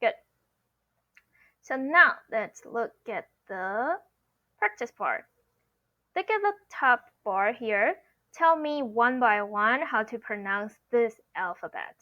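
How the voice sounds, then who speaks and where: A woman's voice: fairly high pitch, sing-song, takes it slowly, pauses often, dry recording. A woman teaching pronunciation online, explaining patiently and repeating sounds for learners to copy, saying "okay" often. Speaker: Mandarin teacher. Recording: dull lo-fi sound.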